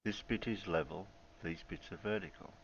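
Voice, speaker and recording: A man's voice: low voice, normal speed, highs cut off, a little hiss or hum. A man in a casual online group chat, easygoing, making chuckling asides.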